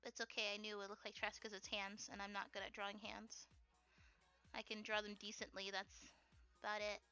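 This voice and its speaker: A young adult woman chatting casually while she draws on a live stream, rambling in an animated way with lots of fillers and giggles. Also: medium pitch, moderate pace, clear, resonant tone, faint music behind. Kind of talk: casual chat while drawing.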